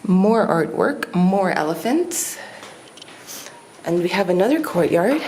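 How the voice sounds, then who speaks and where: A woman's voice: mid-range voice, big pitch swings, slow pace, long pauses, a little mellow, low-quality recording. A woman hosting a travel vlog, giving chatty, upbeat narration as she walks through an old mansion hotel. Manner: upbeat, chatty tour guiding. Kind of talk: walking room-tour narration. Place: old haveli hotel, stairs and courtyards. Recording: noticeable background noise.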